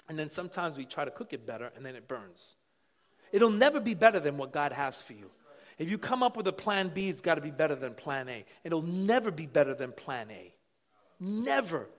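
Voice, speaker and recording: A middle-aged man preaching a sermon with passion, dropping to quiet asides and then rising to shouts. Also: sits high, lively intonation, fairly quick. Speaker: pastor.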